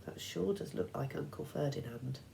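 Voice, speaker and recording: A woman voicing a nervous young male satyr, high and jumpy. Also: wildly swooping pitch, brisk, a little mellow. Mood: uneasy.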